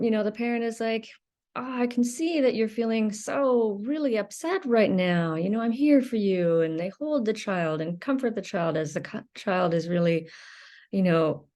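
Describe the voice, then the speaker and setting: Woman of middle pitch, conversational video-channel educator, unscripted and searching in her phrasing. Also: mellow. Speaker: video creator on emotional recovery.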